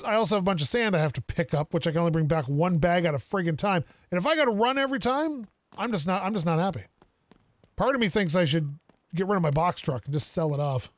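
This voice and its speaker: Excitable high-voiced young man gaming. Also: no echo. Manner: excitable, talks to himself, self-mocking. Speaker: gaming video creator. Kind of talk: casual let's-play commentary.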